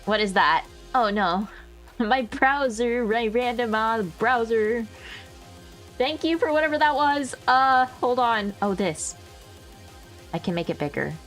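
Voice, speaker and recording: A woman's voice: a little high, animated, slow pace, fairly bright tone, soft background music. A woman livestreaming casual chat, rambling, laughing often and swearing freely into a new microphone. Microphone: new desk microphone.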